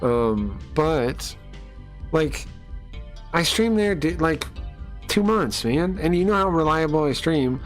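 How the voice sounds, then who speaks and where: A man's voice: on the high side, lively intonation, takes it slowly, long pauses, faint music behind. A man live-streaming and ranting to his chat, incredulous and exasperated, with lots of fillers. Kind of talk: casual live-stream rant.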